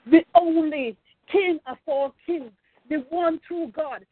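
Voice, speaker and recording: A woman's voice: high voice, slow, no room sound. Lady pastor preaching hard, tinny phone sound. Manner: fervent, repeats phrases, calls out praise. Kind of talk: sermon over a phone line.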